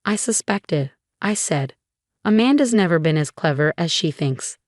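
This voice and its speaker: A woman reading a scripted first-person story in an even, measured way. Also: on the low side, no echo, studio quality.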